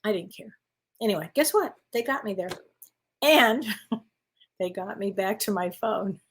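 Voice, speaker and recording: A woman's voice: medium pitch, expressive, measured pace, breathy edge. A woman working as a spiritual medium, giving card readings in casual, affectionate chat and calling listeners honey.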